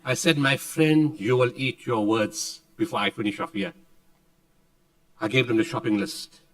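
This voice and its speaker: A man's voice: mid-range voice, expressive, normal speed, far from the mic, poor audio. A South African man giving a speech at a conference, telling a story dramatically and acting out the dialogue with emphasis. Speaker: keynote speaker. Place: conference hall.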